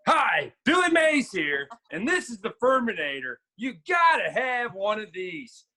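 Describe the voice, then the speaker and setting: A brash male TV salesman bellows his pitch and stretches each promise out, climbing higher and higher as he goes, with a man putting him on over a video call. The delivery is high, lively and bright. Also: exaggerated voice. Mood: hard sell. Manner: over-the-top, drawn-out sales shouting. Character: loud male TV pitchman selling gadgets. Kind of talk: impression on a video-call game show.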